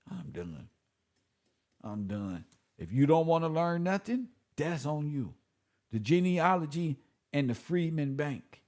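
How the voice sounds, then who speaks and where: A man speaking who delivers a preachy, swearing monologue to his viewers, swinging between loud and soft. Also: a little high, expressive, unhurried. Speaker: online commentator.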